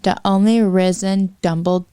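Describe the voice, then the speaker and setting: A woman's voice: mid-range voice, fairly even intonation, moderate pace, dark tone, smooth, dry recording, studio quality. A woman hosting a podcast, reading fanfiction aloud with wry, apologetic asides.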